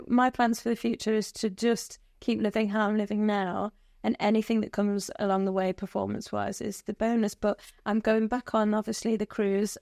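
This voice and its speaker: A woman's voice: mid-range voice, gravelly, darkish tone, no echo. A British woman singer, a guest on a podcast, chatting casually and rambling, laughing often. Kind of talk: casual interview chat. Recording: dry podcast studio.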